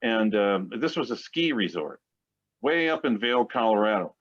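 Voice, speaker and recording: A man's voice: fairly low pitch, big pitch swings, moderate pace, a bit bright. A man around sixty, a guest musician, telling long rambling anecdotes in a casual interview. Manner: rambling, chatty anecdote-teller. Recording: dull lo-fi sound.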